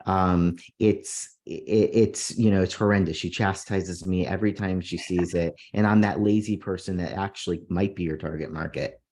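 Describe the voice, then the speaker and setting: A man with a very low, deep voice, co-hosting a casual podcast. He talks in playful, teasing banter and jokes around with his co-host and guests. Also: fairly even intonation, normal speed, few pauses, darkish tone. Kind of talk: casual chat.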